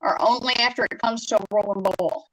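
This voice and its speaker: A woman's voice: on the high side, fairly even intonation, a little fast, fairly bright tone, rough recording. A woman asking direct, chatty questions on a casual video-call livestream.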